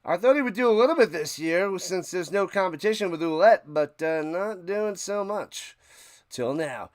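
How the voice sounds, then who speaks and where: A man streaming a live football watch party, giving casual play-by-play commentary and bursting into loud calls. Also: high voice, animated, moderate pace, no room sound.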